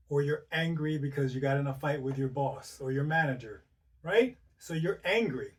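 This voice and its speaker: A man's voice: a little high, darkish tone, far from the mic. A man hosting an informal health talk, conversational and full of rhetorical questions and "right?" tags. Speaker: host.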